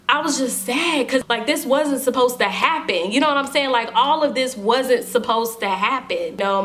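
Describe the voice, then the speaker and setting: A woman's voice: mid-range voice, a bit bright, slight background noise. A young woman telling a personal story to her viewers in a casual, emphatic storytime vlog. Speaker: vlogger.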